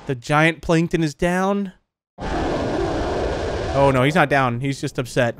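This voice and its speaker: A man commentating a horror game, jumpy and excitable, with quick exclamations and frequent laughs. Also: fairly high pitch, music in the background. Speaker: gaming commentator.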